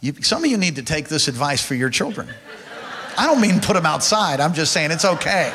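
A male pastor with a high, lively voice that leaps around in pitch. He tells his story to the congregation and calls on them directly. His sound is bright and forceful, carried in a big reverberant hall. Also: fairly quick. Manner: animated, addresses congregation directly. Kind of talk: sermon with personal storytelling. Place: large hall or church.

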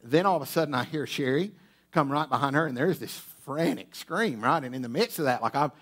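A man's voice: medium pitch, animated, brisk, fairly bright tone. A pastor preaching to his congregation, telling a humorous personal story with lots of restarts and asides, in a church auditorium. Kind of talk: storytelling sermon. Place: church auditorium with sound booth.

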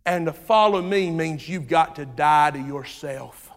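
A pastor preaching an animated sermon, swinging between loud and hushed. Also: male voice, on the high side, a little slow. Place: church sanctuary. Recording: long reverb of a large hall.

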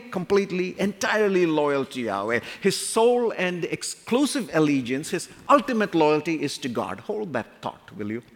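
An emphatic male preacher delivering an expository sermon with a lively, swinging pitch. He slows right down to press home quoted scripture, and his voice rings out with long reverb in a big hall.

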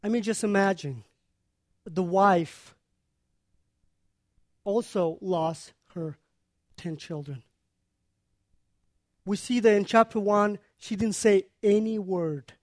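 An earnest preacher teaches on a scripture passage at an unhurried pace, pausing often to explain. His voice sits in the mid range, recorded at studio quality with no room sound.

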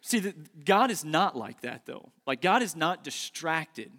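A man's voice: on the high side, very animated, measured pace, a bit bright. Man, 30s, pastor, sermon, emphatic, repeats key words, stage mic, large reverberant church hall. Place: church sanctuary.

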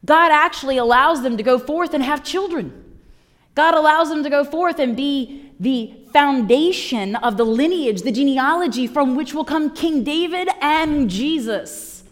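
A woman in her thirties or forties preaching a sermon, telling the story with lively asides and acted-out voices. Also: high voice, a little slow. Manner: animated storytelling, acting out voices.

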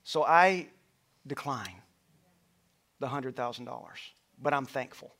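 A middle-aged male pastor preaching a sermon in a church, rising to loud passionate peaks and dropping to a soft storytelling voice. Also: medium pitch, takes it slowly, gravelly, a little hiss or hum. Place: church auditorium with stage lights.

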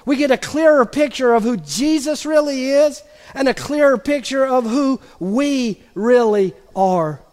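A man preaching a sermon in a conversational way, acting out the quotes and dropping softly for emphasis. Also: very high voice. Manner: conversational preaching, acts out quotes, drops to soft pauses. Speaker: pastor. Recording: long hall reverb.

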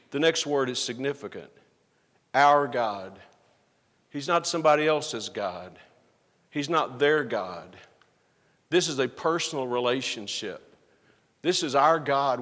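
A man's voice: a little high, a bit bright. A man preaching a sermon as a pastor, earnest and emphatic, often asking the congregation rhetorical questions. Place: church sanctuary. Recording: long hall reverb.

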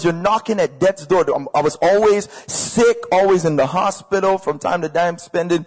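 A man with a fairly high voice preaches a sermon, energetic and conversational. He drives points home by repeating short phrases and speaking straight to the listeners. The sound carries a long reverb from a large hall. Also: fairly quick, few pauses. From Canada. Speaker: pastor. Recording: echoey hall.

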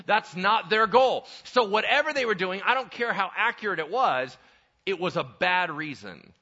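A man preaching a sermon in a church sanctuary, telling Bible stories with humor and dropping to quiet intensity for serious points. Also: sits high, normal speed, muffled recording. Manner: animated, humorous storytelling, shifts to quiet intensity. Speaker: pastor.

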